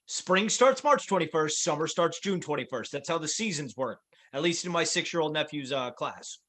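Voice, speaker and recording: A man's voice: on the high side, expressive, normal speed, fairly bright tone. A man hosting a casual podcast, chatty and wry with lots of fillers. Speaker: podcast host.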